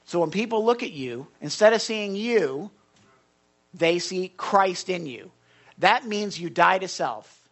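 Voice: animated, takes it slowly. A pastor preaching a sermon, emphatic, often urging the listeners to listen and reading scripture aloud. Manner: rises and falls sharply in pitch and loudness.

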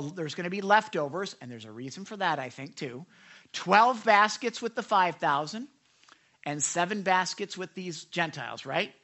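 A man's voice: a little high, pushed and bright. A man preaching a sermon, talking conversationally, asking the congregation questions and acting out quoted voices. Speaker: pastor.

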